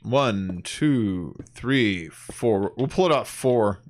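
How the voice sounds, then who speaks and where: A man's voice: on the low side, lively intonation, drawn-out words, no echo. A young man streaming a game, chatting casually and rambling, with some swearing and counting aloud as he plays. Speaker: gaming streamer. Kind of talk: casual gameplay chat.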